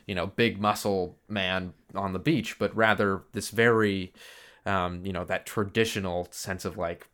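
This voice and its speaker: A man co-hosting a film podcast, talking thoughtfully and hesitantly with many pauses and ums. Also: low-pitched, steady tone, a bit bright. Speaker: podcast co-host. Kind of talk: casual film podcast chat.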